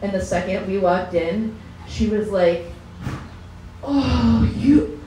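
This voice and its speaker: A woman doing stand-up on a lounge stage, chatty and loose, laughing through her own lines. Her voice is mid-pitched and comes from some distance in an echoey room, with faint ambience behind it. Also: fairly even intonation, a little slow, warm tone, slight background noise. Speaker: stand-up comedian. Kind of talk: stand-up comedy set. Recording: echoey room, mic from far.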